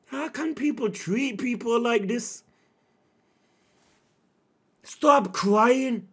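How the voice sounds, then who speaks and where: A man streaming a live manga reaction, emotional and slangy, swinging between shouting and low muttering. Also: extremely slow, husky.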